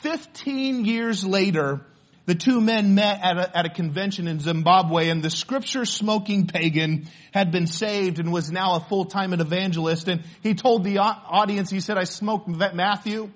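High-voiced earnest preacher man. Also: moderate pace. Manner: earnest storytelling preacher with stammered restarts. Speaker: pastor. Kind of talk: sermon. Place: church.

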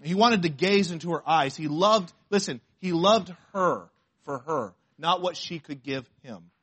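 A man preaching a sermon to a congregation, reading scripture aloud slowly and asking the listeners questions. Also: on the high side, fairly bright tone. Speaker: pastor.

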